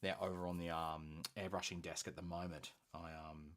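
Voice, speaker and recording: A very deep-voiced Australian man hosts a live painting stream. He talks in a loose, enthusiastic and chatty way, full of ums. He keeps the easygoing pace of someone working with his hands while he talks. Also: little pitch movement, normal speed, fairly bright tone. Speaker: hobby stream host.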